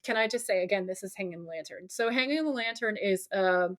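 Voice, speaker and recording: A woman co-hosts a casual podcast, recapping a TV episode at a quick pace. She's animated and profane, and she drops into a gruff, low voice whenever she quotes lines.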